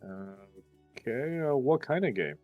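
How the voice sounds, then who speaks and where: A man's voice: medium pitch, lively intonation, a little slow, no room sound, narrow, tinny audio, faint music behind. A man playing a tabletop game, hesitant and groaning as he thinks aloud. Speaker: player. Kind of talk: casual tabletop play.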